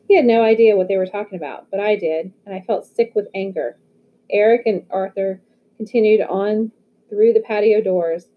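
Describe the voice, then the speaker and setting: A woman reading a novel aloud in a steady storytelling manner. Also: mid-range voice. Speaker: audiobook reader. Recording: phone-like narrow audio.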